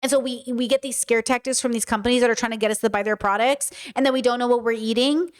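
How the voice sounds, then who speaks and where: A woman giving casual, joking reaction commentary in a profane, animated manner. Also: a little high, fast talker. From United States. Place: living in Croatia.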